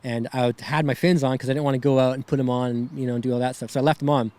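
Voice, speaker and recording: A man's voice: mid-range voice, fairly even intonation, rapid-fire, darkish tone. A young man, a podcast guest, telling a personal story in a rambling way, shaken and close to tears, often adding "right?" and "man".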